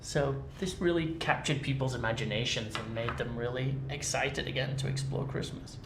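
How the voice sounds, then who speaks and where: A man's voice: mid-range voice, moderate pace, noisy background. A man from England with an English accent, chatting casually and explaining. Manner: relaxed, explaining. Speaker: actor. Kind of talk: live stream chat. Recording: echoey room.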